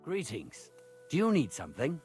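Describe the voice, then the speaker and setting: An actor playing a sly, greedy male knacker villager with an Irish accent and a gruff, bargaining drawl. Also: fairly high pitch, wildly swooping pitch, normal speed, over music. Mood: wary.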